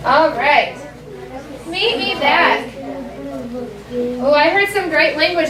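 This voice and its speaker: A woman teaching a classroom language lesson, modeling phrases slowly so students can echo them. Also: sits high, expressive, background noise. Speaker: elementary school teacher. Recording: echoey classroom from far off.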